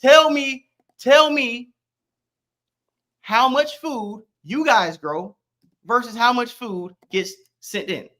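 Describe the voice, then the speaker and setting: Bright, combative streamer voice. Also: medium pitch, slow, long pauses. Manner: loud, combative, profane, talks over others. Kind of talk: heated online debate.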